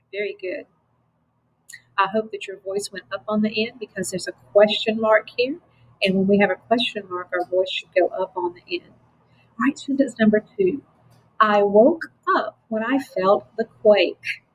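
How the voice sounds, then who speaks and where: A woman teaching a phonics lesson to children, slow, patient and encouraging. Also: medium pitch, breathy edge, rough recording.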